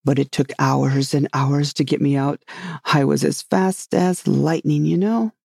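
A reader voicing a solemn, rambling knight who loves his inventions, speaking gravely and earnestly in a storybook reading. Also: mid-range voice, steady tone, a little slow, darkish tone, dry recording, clean studio sound.

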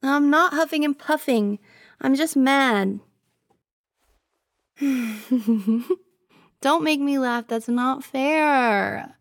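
A woman's voice: high voice, drawn-out words, creaky, long pauses, no room sound, studio quality, full character voice. A woman as a pouty, jealous girlfriend. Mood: playful. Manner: pouty, teasing, drifting into soft whispers. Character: jealous, possessive young girlfriend, clingy and pouty. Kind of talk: girlfriend audio role-play.

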